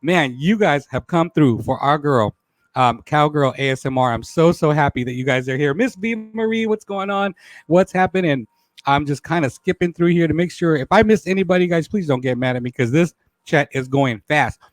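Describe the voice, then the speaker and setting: A man's voice: on the high side, moderate pace, no echo. A man hosting a live stream talk show, playful and laughing often as he greets viewers by name. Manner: playful, laughs often, says y'all a lot. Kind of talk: live stream chat with shout-outs.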